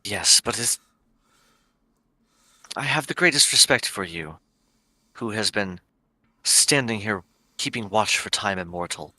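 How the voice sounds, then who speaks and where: A man's voice: lowish voice, lively intonation, normal speed, bright, forceful tone, no room sound, low-quality recording. A man playing a tabletop role-playing game, speaking earnestly and politely in character. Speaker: player.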